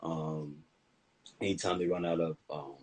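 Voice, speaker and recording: A young man speaking as the guest of a casual live-stream interview, relaxed and laid-back, laughing easily. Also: low voice, unhurried, breathy edge, poor audio. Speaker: guest athlete.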